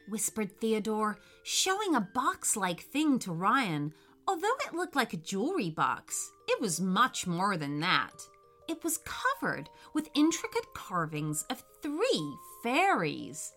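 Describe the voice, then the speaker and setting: Woman, children's story host, slow, lively melody, bright tone, faint music. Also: a little high. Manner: cheerful, animated storytelling. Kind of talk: reading a children's story aloud.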